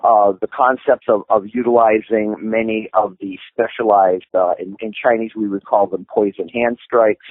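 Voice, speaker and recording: A man's voice: lowish voice, steady tone, moderate pace, few pauses, no room sound. A man, a martial arts instructor, explaining at length in an interview, with many restarts and fillers. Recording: tinny phone-line audio, dry.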